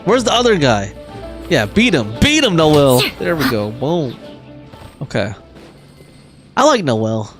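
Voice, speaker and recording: A man with a high, very lively voice chats casually through a gaming livestream, reading viewer messages aloud. He laughs often and scatters his talk with fillers. Faint game music plays behind him. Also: takes it slowly, long pauses. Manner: animated, reads chat aloud, frequent laughs and fillers. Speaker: streamer.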